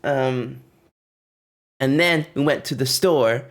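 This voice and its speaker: A chatty young man talking to his stream audience in an easygoing, rambling way, sprinkling in fillers and breaking into giggles often. His voice sits at an ordinary middle pitch for a man. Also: slow pace. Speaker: livestreamer. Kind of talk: casual livestream chat.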